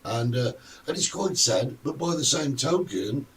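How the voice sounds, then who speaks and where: A man hosting a casual live-streamed talk show, chatting in an animated, storytelling way. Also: mid-range voice, unhurried. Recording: distant mic with faint room noise.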